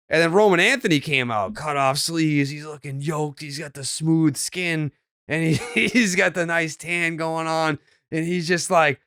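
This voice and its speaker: A man's voice: a little high, measured pace, fairly bright tone, dry recording, clean studio sound. A man with a Boston accent hosting a sports podcast, telling a story in a hyped, teasing way and joking with his co-hosts. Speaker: podcast host. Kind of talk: casual sports podcast banter.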